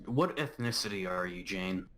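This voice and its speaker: A man's voice: low-pitched, animated, moderate pace, a bit bright. Guy player bossing his character around, pushy and mischievous. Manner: commanding, egging on. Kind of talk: tabletop game play.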